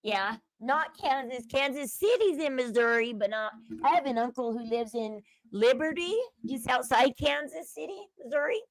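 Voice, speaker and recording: This livestream host has a voice that sits high, and she talks at a normal speed with few pauses. Chatty and opinionated, she reads viewer messages aloud and gives her takes in casual commentary. The audio is poor and there's no room sound.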